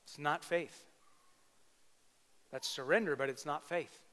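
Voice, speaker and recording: A man preaching a sermon, his fairly high voice ringing out in a big hall with a long echo. He swings from loud, emphatic bursts to quiet, intimate asides. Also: takes it slowly. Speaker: pastor.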